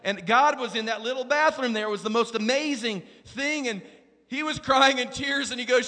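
Pastor guy preaching, bright high voice, hall echo, goes from quiet story to shouting. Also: moderate pace. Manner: storytelling, builds from hushed to shouting exhortation. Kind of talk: sermon. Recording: long reverb of a large hall.

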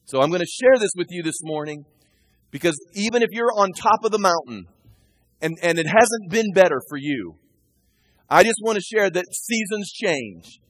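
A male pastor preaching a sermon, shifting between quiet asides and loud, emphatic readings of scripture. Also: sits high, lively intonation, moderate pace, no room sound.

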